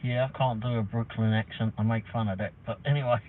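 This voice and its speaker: A man's voice: fairly low pitch, steady tone, fast. A man hosting a livestream, chatting in a rambling, casual way with some mild swearing. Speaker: livestream host. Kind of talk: casual chat. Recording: tinny phone-like sound from a distance, faint noise.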